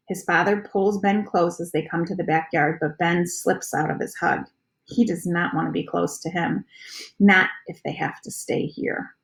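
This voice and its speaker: A woman reading a children's storybook aloud in a steady, plain narration. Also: fairly low pitch, moderate pace, vocal fry.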